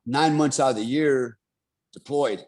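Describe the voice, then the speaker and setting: A man's voice: mid-range voice, unhurried, a little mellow. A middle-aged man who is a military veteran, telling his story in a casual interview with an earnest, rambling manner. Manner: rambling, many fillers, earnest.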